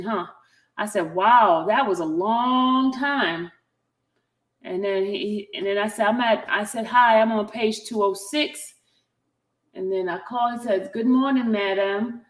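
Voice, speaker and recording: A woman vlogger chatting casually while reading out text messages aloud, adding her own asides between them. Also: fairly high pitch. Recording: roomy echo.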